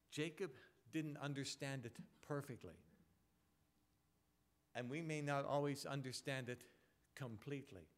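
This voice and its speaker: A male pastor preaching a sermon, emphatic, repeating words and dropping from loud points to quiet asides. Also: medium pitch, lively intonation, measured pace.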